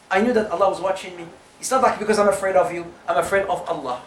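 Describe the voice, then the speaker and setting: A man giving a lively youth talk, acting out the quotes in his stories and joking with his audience. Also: high voice, fast, few pauses. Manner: animated, acts out quotes, jokes with audience. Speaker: youth program speaker. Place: community center hall. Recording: echoey room mic from a distance.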